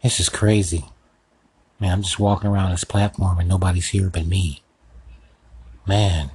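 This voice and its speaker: A man's voice: low voice, a little slow, pauses often, darkish tone, breathy edge, low-quality recording. A man hosting a comedic solo podcast sketch, rambling and swearing as he talks to himself. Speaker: podcast host.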